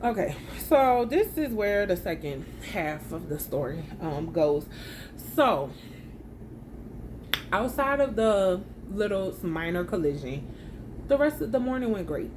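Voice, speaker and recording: A chatty woman tells her travel story for her vlog. She sounds slangy and animated, and she acts out the dialogue as she goes. Her voice sits at a middle pitch, with a faint hiss behind it. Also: measured pace. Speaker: vlogger.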